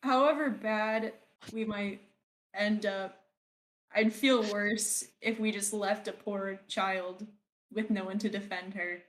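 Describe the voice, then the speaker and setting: A young woman plays her character in a tabletop game at an unhurried, drawn-out pace. She giggles often and hesitates with lots of ums. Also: medium pitch, steady tone. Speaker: player. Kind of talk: casual tabletop game play.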